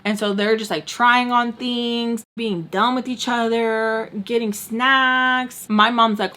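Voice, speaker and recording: A young woman telling a personal story in a casual storytime vlog, animated and profane, acting out the people she talks about. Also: on the high side, takes it slowly, few pauses.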